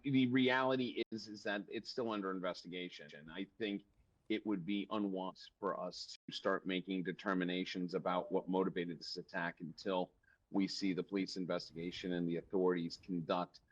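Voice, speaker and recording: Low-voiced man on a dull remote link. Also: fairly even intonation, fairly quick. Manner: hesitant, many fillers and restarts, then emphatic. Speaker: policy analyst guest. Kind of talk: live interview commentary.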